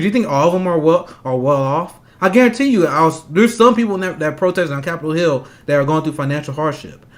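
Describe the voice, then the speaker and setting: A man's voice: on the high side, animated. A man delivering a heated, profane political rant, angry and laughing scornfully between points. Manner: angry, fast, profane, laughs mid-sentence. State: agitated. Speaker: political commentator.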